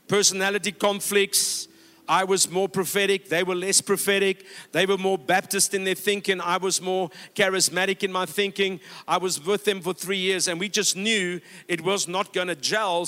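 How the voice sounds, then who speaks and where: A man's voice: high voice, sharp tone. A man pastor preaching a sermon in a church, exhorting the congregation and telling stories with quoted dialogue. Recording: long hall reverb.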